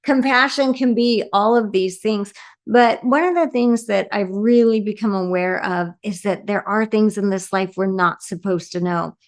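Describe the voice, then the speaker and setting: In an interview, a woman who works as a medium speaks earnestly about grief and compassion, often closing her thoughts with "right?". Her voice sits in the mid range and moves at a normal speed as she reflects.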